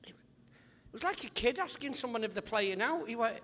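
A male comedian guest on a live podcast interview, telling rambling, animated anecdotes and acting out other people's voices. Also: extremely high pitch, a little fast, in a large hall, slight background noise.

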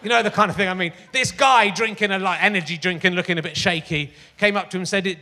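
A man with a high, bright voice hosts a live comedy talk show, rambling and poking fun at himself with frequent fillers and restarts. His voice rings out with a long reverb from a large theatre. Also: fast talker. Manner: rambling, self-mocking, lots of fillers and restarts. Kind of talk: stand-up style chat on stage. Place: large theatre stage before a live audience.

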